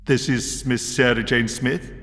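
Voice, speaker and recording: A man voicing a calm, self-assured eccentric time traveller in an audiobook, brisk and authoritative. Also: mid-range voice.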